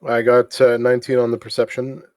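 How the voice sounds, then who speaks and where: A man's voice: mid-range voice, completely flat delivery, brisk, darkish tone, no room sound. A man playing a tabletop game, talking in an easygoing, hesitant way. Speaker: player. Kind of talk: casual game chat.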